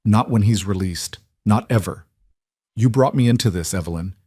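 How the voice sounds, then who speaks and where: Cold mafia boss, clipped and stern, voiced by a man narrator, low dry read. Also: normal speed, mellow, slightly rough, no echo.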